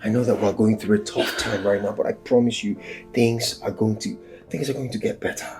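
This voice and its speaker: An actor with a Nigerian accent playing a broke, desperate young husband who pleads and stammers in a film drama. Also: male voice, fairly low pitch, steady tone, fairly quick, lightly acted. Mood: pleading. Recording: echoey room with music.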